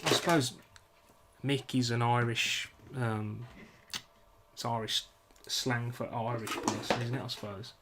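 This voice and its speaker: He's a young British man at a workbench, chatting with live-stream viewers, poking fun at himself and saying sorry often. The medium-pitched voice holds a steady tone at a measured pace with frequent pauses, over heavy background noise.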